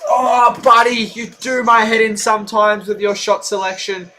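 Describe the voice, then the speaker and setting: High-pitched, bright male fan commentator. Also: little pitch movement, normal speed. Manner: frustrated, profane, shouts and laughs in bursts.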